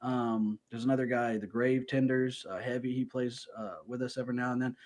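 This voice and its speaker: A man in a relaxed gaming podcast chat, his voice sitting at an ordinary middle pitch. He rambles loosely and throws in jokes and asides as he talks into a home microphone. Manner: joking, rambling, quick asides. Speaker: podcast co-host. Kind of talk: casual chat.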